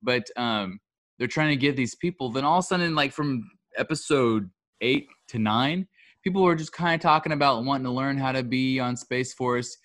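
A man co-hosts a casual podcast, musing through his opinions in a loose, rambling way. His voice sits at an ordinary pitch. The sound is dry, close and free of room echo. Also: moderate pace. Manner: relaxed, rambling opinions with fillers. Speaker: podcast co-host. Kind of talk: casual chat.

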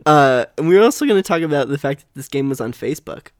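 A man's voice: fairly high pitch, no echo, studio quality. A man co-hosting a casual chat, telling rambling stories full of fillers. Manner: rambling storyteller, many fillers. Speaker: podcast co-host.

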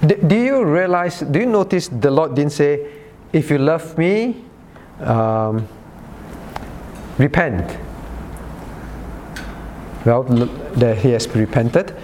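A man's voice: a little high, expressive, slow pace, pauses often, darkish tone, a little hiss or hum. A man pastor leading a Bible study in sermon style, often asking "right?" and calling on listeners by name. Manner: rhetorical "right?" checks.

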